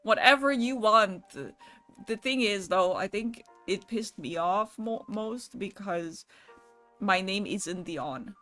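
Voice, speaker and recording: A woman's voice: mid-range voice, slow pace, soft background music. A young adult woman streaming live, chatting casually with her viewers, swearing lightly and laughing as she goes. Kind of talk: casual livestream chat with viewers.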